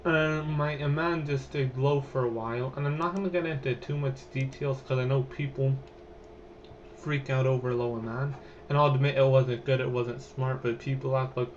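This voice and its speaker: A man's voice: mid-range voice, fairly even intonation, moderate pace, highs cut off, slight background noise. A young man hosting a podcast, telling a personal story in a chatty, rambling way with lots of fillers. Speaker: podcast host.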